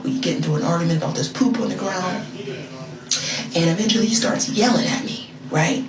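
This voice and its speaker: A young woman telling a story casually in an animated, sassy way, acting out the quotes. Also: fairly low pitch, moderate pace, long pauses, roomy sound, distant mic, noisy background.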